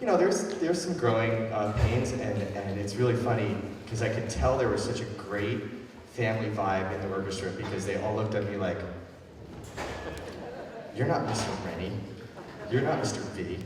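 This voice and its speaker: A man's voice: lowish voice, brisk. A chatty man thanking all in an echoey hall. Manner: chatty, self-deprecating, a little emotional. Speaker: school music director. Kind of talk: thank-you speech at a school concert. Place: concert hall. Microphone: far from the recording mic. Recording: echoey hall from far off, crowd noise.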